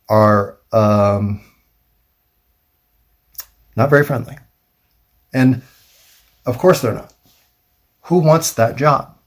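A man rambling through a wry, self-mocking solo monologue, thinking aloud with pauses. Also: mid-range voice. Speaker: vlogger.

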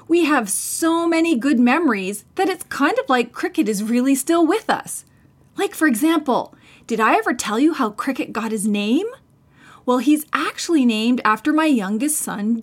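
Lively, high-voiced woman telling children a story. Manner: gentle, animated, laughs often.

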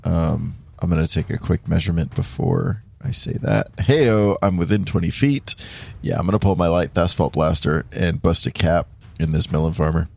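A man's voice: low voice, steady tone, normal speed, vocal fry, darkish tone. A hungover man playing a tabletop game, talking in a laid-back way. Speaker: player. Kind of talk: casual tabletop game chat.

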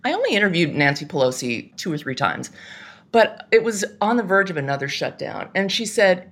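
Emphatic low-voiced woman, lively delivery. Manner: emphatic, exasperated, quick asides. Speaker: guest, political commentator. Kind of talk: casual political podcast chat.

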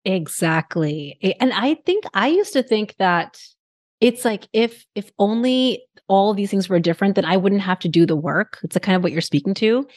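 A woman hosting a podcast interview, telling stories in an animated, casual way with lots of filler words. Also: medium pitch, moderate pace. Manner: animated storytelling, many "like" fillers. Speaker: podcast host.

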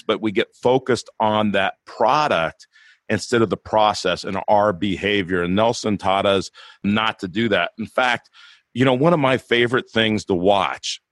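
Low-voiced guy hosting a podcast, dry close sound, earnest and eager. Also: a bit bright, dry recording. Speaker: podcast host. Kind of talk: casual podcast chat.

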